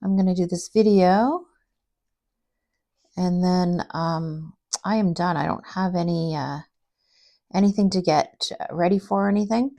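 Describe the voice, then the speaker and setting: A middle-aged woman talks casually to her camera in a craft vlog, rambling from one everyday story to the next. Her voice sits a little low, and she fills her pauses with fillers. When she quotes other people, she turns lively. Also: gravelly. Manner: animated when quoting others. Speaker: craft vlogger.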